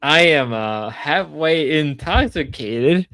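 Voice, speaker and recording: Male streamer, drunk, whooping and rambling, with a highish, lively voice and an unhurried pace. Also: no room sound. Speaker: livestreamer. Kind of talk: casual livestream chat.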